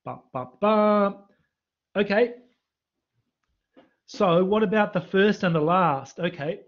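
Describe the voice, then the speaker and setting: On a live stream, a university maths lecturer teaches maths revision and quizzes his chat. His voice is high-pitched, and the computer mic cuts off the highs.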